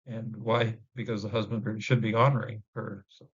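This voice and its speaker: A man giving an informal Bible word-study lesson, halting with many fillers and restarts, sounding out Hebrew words slowly. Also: fairly low pitch, flat delivery, husky. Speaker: Bible teacher. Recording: dull lo-fi recording.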